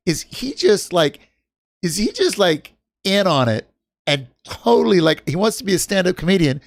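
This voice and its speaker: A man's voice: a little high, creaky, no room sound, clean studio sound. A man hosting a stream, giving casual commentary in a rambling, profane, hesitant way. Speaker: streamer host.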